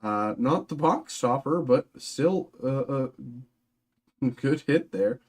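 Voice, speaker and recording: Young male stream host, casual and rambling, mid-pitched, lots of fillers. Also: animated, slow, darkish tone. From Massachusetts, outside Boston. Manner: rambling, many fillers and restarts. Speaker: card break host. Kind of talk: casual live-stream chat while opening packs.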